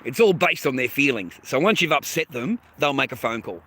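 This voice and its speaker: A man's voice: medium pitch, lively intonation, fairly quick, pushed and bright. A man hosting a livestream, ranting bluntly and profanely at his chat, repeating himself and calling viewers mate and bro. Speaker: livestream host. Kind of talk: casual livestream rant to chat.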